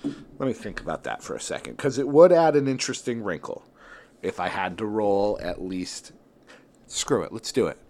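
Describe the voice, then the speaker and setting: A man's voice: on the low side, sing-song, moderate pace, darkish tone. A man hosting a solo wrestling tournament bracket show, thinking aloud in casual talk with lots of fillers and restarts.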